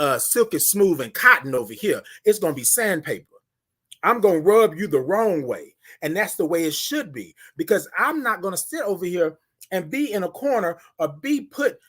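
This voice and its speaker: Animated, preachy livestream morning host. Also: mid-range voice. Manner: emphatic and preachy, repeats key phrases; talks straight to viewers and greets them by name. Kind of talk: motivational livestream talk.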